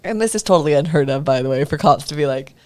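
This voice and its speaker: A woman's voice: deep voice, expressive, fast talker, a little mellow. A woman guest on a podcast, speaking casually and candidly about her past, swearing now and then and acting out what others said. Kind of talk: candid personal storytelling.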